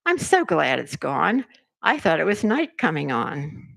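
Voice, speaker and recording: A well-mannered, puzzled young girl asking earnest questions, voiced by a woman reading aloud. The voice stays close to the reader's own, with lively rises and falls. The sound is dry and close. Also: sits low, unhurried, gravelly, no room sound, heavily acted. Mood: wondering.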